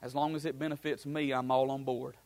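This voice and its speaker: A man's voice: medium pitch, flat delivery, fairly quick, a little mellow. A man preaching a sermon as pastor, building his points through repeated phrases and breaking into casual asides.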